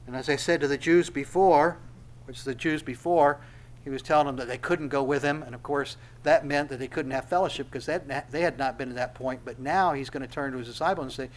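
Preacher swinging between hushed and emphatic. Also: male voice, on the high side. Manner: slows to stress scripture phrases. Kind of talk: expository sermon.

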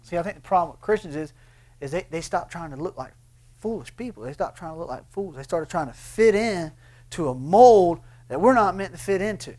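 A man delivers an impassioned sermon. His voice leaps up on emphatic lines and sinks low and quiet when he presses a point. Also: expressive, a little fast. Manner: impassioned preaching, swings between loud bursts and hushed lines. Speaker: pastor.

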